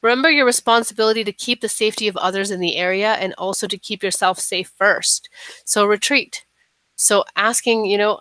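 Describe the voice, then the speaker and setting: A woman trainer giving a calm, instructive staff training lecture, often checking in with "right?". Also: mid-range voice, a little fast, no room sound, rough recording.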